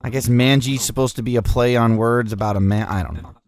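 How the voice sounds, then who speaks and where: A man's voice: medium pitch, steady tone, fairly quick, no room sound, studio quality. A man hosting a casual radio show, reading listener messages with crude, mocking, profane banter while sneezing through an allergy attack.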